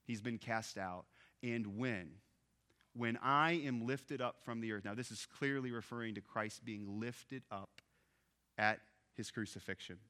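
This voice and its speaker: A man preaching a sermon, expressive, dropping soft on key phrases and rising when animated. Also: medium pitch, unhurried. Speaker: pastor.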